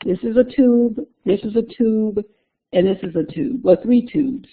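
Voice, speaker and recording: A woman's voice: medium pitch, moderate pace, breathy edge. A woman instructor giving a conversational recorded lecture, repeating key terms and talking through her slides. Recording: tinny phone-like lecture recording.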